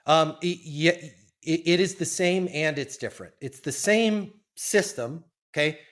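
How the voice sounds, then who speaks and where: A man's voice: fairly high pitch, measured pace, a bit bright. A man guesting on a business podcast, teaching sales in an emphatic, punchy way with casual swearing.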